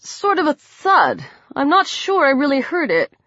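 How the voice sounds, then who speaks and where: A woman voicing an uneasy teenage boy with a headache, speaking low and hesitantly. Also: sing-song, a little slow, fairly bright tone, dry recording, lo-fi sound, exaggerated voice.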